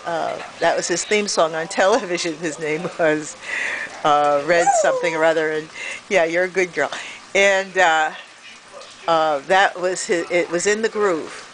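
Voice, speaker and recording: Middle-aged woman, slow lowish voice, baby talk to pet birds, camera audio with rain noise. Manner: sing-song baby talk to birds, with frequent laughs. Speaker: bird owner filming her pet birds. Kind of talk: casual talk to pets. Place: outdoors on a porch in the rain. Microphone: handheld camera. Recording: noisy outdoor camera audio. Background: rain and bird sounds.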